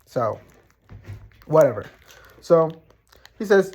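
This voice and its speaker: A man's voice: a little high, animated, moderate pace, darkish tone. A young man casually telling a personal story, blunt and profane, rambling with lots of fillers.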